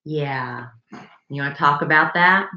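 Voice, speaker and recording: Low-voiced woman in an echoey room. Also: a little slow, bright, forceful tone. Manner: teasing, chatty, steers the talk. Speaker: podcast co-host. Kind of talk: casual chat.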